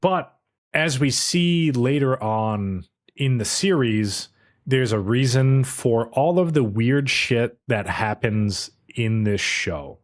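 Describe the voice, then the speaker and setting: A man co-hosting a podcast, reviewing an anime episode in a casual, animated way, swearing and using lots of fillers. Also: mid-range voice, takes it slowly. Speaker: podcast co-host.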